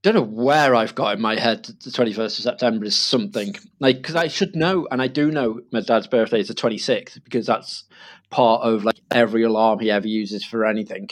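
A man's voice: on the low side, fairly quick. A young man chatting casually, telling a rambling family story with laughs and acted-out quotes.

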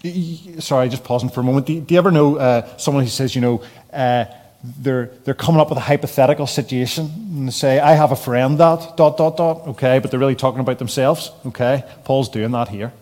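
A man preaching a keynote sermon, reading scripture slowly with soft falling phrase ends and building to emphatic repeated refrains. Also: medium pitch, steady tone.

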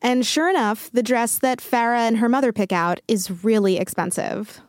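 Woman host, scripted narration, higher voice, dry close sound. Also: normal speed, no room sound.

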